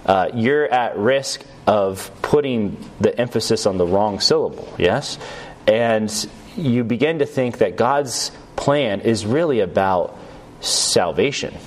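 A man's voice: lowish voice, lively intonation, takes it slowly, a little hiss or hum. A man teaching a recorded Bible lesson in a conversational way, often checking in with "right?" and "yes?" and restarting his sentences as he goes. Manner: loose, with restarts and fillers.

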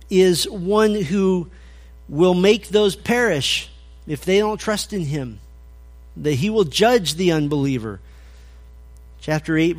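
A male pastor preaching through scripture, reading verses aloud and commenting with dry irony, with occasional stammered restarts. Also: sits high. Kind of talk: expository sermon.

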